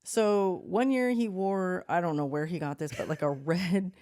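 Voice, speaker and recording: A woman's voice: lowish voice, normal speed. A middle-aged woman co-hosting a podcast, telling family stories in a casual chat, laughing often and acting out what others said. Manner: laughing, animated storyteller who acts out quotes. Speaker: podcast co-host. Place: home studio, video podcast.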